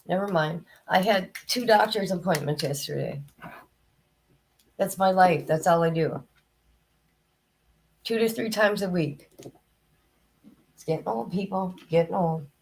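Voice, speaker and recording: A hoarse woman hosting a live stream, chatting casually and greeting her viewers by name. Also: lowish voice, a little slow, pauses often, a little mellow, a little hiss or hum. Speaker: livestream host. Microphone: new desk microphone, headset off.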